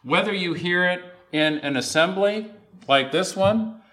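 A man preaching a sermon to a gathered assembly, deliberate, with occasional fillers and restarts. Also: high-pitched, sharp tone.

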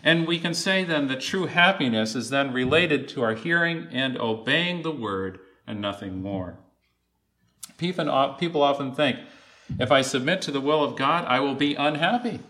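A man preaching a sermon to a gathered assembly, deliberate, with occasional fillers and restarts. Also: medium pitch, lively intonation, sharp tone.

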